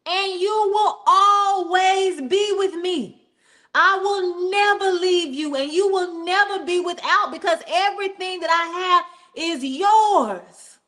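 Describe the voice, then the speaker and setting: A woman voicing a gentle, loving older father who softly reassures his son in a sermon retelling. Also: very high-pitched, slow, voice pushed up, heavily acted. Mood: tender.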